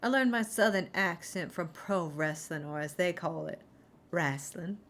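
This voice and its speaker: Woman streamer, casual rambling chat, sarcastic asides, lots of ums, slightly low voice. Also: a little slow, fairly bright tone, slight background noise. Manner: rambling, sarcastic, heavy on fillers.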